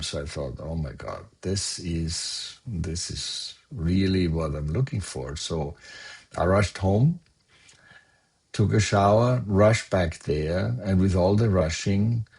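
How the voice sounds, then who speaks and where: An older man, slowly recounting a personal memory in a soft-spoken storytelling manner. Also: sits low, gravelly, breathy edge. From Austria. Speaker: guest sharing memories. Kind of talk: personal recollection.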